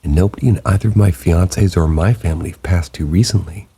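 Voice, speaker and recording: Steady rain patters behind a narrator whose voice is extremely low and gravelly. He works through scripted, listener-submitted true ghost stories in an unhurried, hushed late-night manner, his tone husky and dark.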